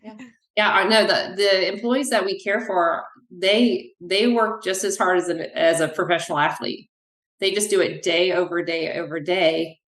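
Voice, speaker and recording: A woman with a fairly low voice speaks as a physical therapist guest in an interview. She tells animated stories and acts out what people said to her. The recording carries the echo of a room. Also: moderate pace. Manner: animated, acts out quoted dialogue. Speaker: physical therapist, clinic owner. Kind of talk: podcast interview, conversational storytelling. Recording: echoey room.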